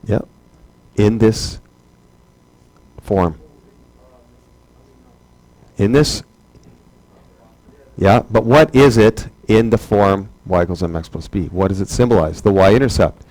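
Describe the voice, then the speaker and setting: A man's voice: lowish voice, slow pace, long pauses, darkish tone, dry recording, low-quality recording. A man teaching a math class, chatty and joking, asking rhetorical questions over and over. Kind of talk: classroom lecture.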